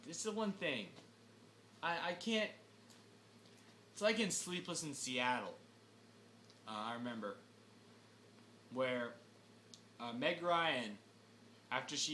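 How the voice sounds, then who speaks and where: A young man ranting through a film review, exasperated and animated, breaking into sudden shouts. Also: mid-range voice, slight background noise. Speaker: movie reviewer.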